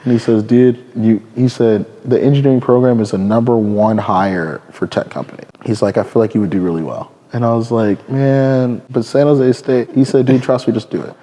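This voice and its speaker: Man, thirties, from california, casual storytelling, rambling, laughing, mellow voice. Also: medium pitch, fairly even intonation, normal speed, few pauses. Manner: rambling, laughing, heavy use of "like" and "dude". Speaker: podcast guest.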